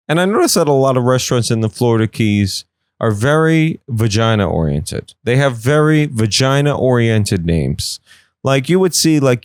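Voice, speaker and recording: A young man telling comic stories, lively and animated, with a mid-pitched voice. The sound is dry and close, with no room around it. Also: dry recording. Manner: animated, swings into silly voices. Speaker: podcast host. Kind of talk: comedic storytelling.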